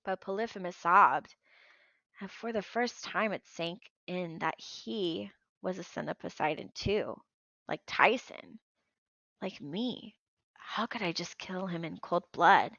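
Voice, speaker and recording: A woman reading a novel aloud with a bright, clear tone and lively storytelling. The recording is dry and close, with a slightly dull, muffled top end. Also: fairly low pitch, slow pace, no room sound. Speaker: audiobook reader.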